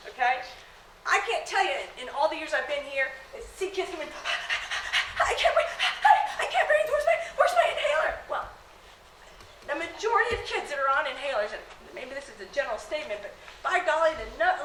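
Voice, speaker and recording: Bright-voiced woman in an echoey classroom. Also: high voice, a little hiss or hum. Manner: casual, repeats "okay?", laughs often. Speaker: athletic trainer at a high school. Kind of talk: classroom talk to students. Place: school room. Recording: echoey room.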